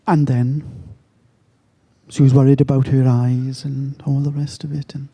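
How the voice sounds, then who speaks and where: A middle-aged man slowly telling a moving story at a gathering, with long pauses. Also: medium pitch, flat delivery, warm tone, slightly rough. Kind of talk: slow, reflective storytelling talk.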